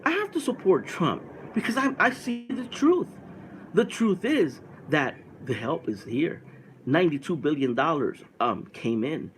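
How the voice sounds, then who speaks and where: A man's voice: on the high side, sing-song, unhurried, a little hiss or hum. A middle-aged man from Puerto Rico talking emphatically to camera in a casual opinion vlog, repeating himself and addressing viewers directly. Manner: emphatic, repetitive, talks straight to viewers. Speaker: political vlogger. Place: home by a window.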